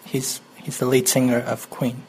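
A man's voice: medium pitch, completely flat delivery, normal speed, a little hiss or hum, low-quality recording. A man co-hosting a music countdown podcast in casual chat, making dry, teasing jokes. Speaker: podcast co-host.

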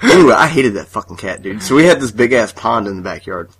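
A man's voice: fairly low pitch, animated, fast, a bit bright, husky. A young man co-hosting a podcast, telling a crude story and laughing as he talks. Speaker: podcast co-host. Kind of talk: casual chat.

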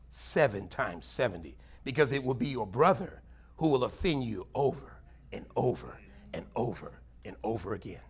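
Folksy preaching man, lively delivery. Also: breathy edge. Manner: folksy, animated preaching with sudden high-pitched bursts. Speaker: pastor. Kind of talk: sermon.

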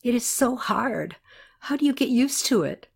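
A woman's voice: fairly high pitch, animated, moderate pace, creaky, slightly rough, voice pushed up, exaggerated voice. A woman playing an earnest young woman doctor. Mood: subdued. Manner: urgent, pleading questions.

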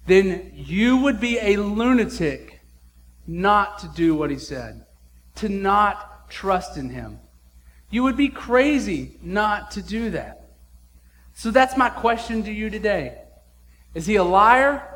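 A man's voice: sits high, fairly bright tone. A man preaching a sermon as pastor, blunt and emphatic, with casual slang.

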